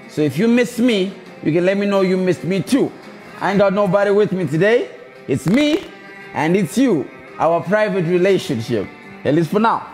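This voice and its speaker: A man with a high, slightly mellow voice hosts a live stream. He chats casually with viewers and keeps repeating his calls to them.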